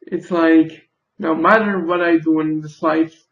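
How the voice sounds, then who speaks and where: A young man speaks through tears in a confessional vlog, his voice gravelly and flat as he stops and restarts broken sentences. He talks slowly, with long gaps. The recording is dull and lo-fi. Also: fairly high pitch, echoey room. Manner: halting, broken sentences and repeated curses. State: crying. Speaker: video creator.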